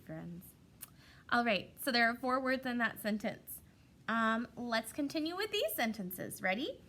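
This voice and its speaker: A young woman teaching little children over a webcam, her voice bright and lively and swooping up and down in a sing-song way. She stretches out her words slowly and plays them up with plenty of expression. A faint hum of the room sits behind her. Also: fairly high pitch, gravelly. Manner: sing-song, exaggerated and playful, drawn-out words. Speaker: kindergarten teacher. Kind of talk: online kindergarten lesson.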